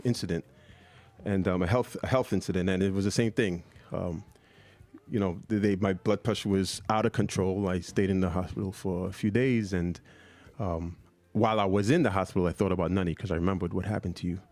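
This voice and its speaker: A man hosting a podcast interview, speaking in a halting way with many pauses and restarts. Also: low-pitched, fairly even intonation, darkish tone, no room sound. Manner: halting, full of fillers and restarts. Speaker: podcast host. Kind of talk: interview conversation.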